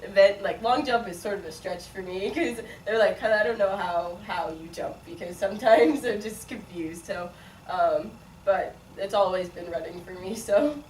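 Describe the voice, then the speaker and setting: This young woman in her 20s speaks at normal speed in a mid-range, darkish voice. She's a college sprinter from Chicago, partly raised in Las Vegas, chatting through interview answers with lots of likes and ums and frequent laughter, recorded in an echoey room on a distant mic with faint noise.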